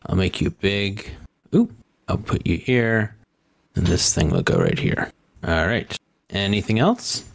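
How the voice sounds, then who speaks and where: A man with a fairly low voice runs a tabletop game as its game master. He reads out scene descriptions and stops often on fillers. The sound is dry and close. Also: very animated, measured pace, vocal fry, no echo.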